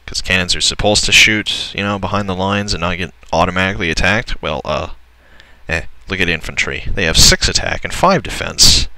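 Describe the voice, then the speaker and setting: A young man casually commentating a strategy game, excitable and swearing, often laughing in disbelief. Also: low voice, a little fast, clear, resonant tone, rough recording. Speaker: gameplay commentator. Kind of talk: casual let's-play commentary.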